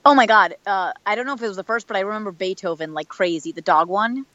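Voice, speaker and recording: A woman's voice: medium pitch, quick pace, a bit bright, no room sound, dull audio. A woman, a voice actor, chatting casually in an interview, with lots of fillers and restarts. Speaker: voice actor guest.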